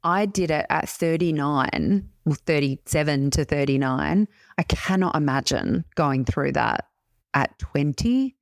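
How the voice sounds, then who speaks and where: A woman's voice: low-pitched, expressive, a little slow, vocal fry, no room sound. Sympathetic woman host, dry sound. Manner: sympathetic, responsive. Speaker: podcast host. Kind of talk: interview conversation.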